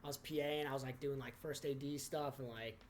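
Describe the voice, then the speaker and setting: A man's voice: medium pitch, fairly even intonation, quick pace, slight background noise. A young man, a stand-up comic guesting on a podcast, rambling casually with lots of fillers. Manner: rambling, filler-heavy, lots of "like" and "you know".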